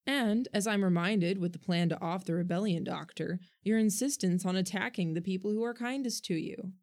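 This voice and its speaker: A woman voicing a gentle, earnest boy who speaks firmly and thoughtfully in a storybook reading. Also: mid-range voice, moderate pace, lightly acted. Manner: gentle but firm, earnest.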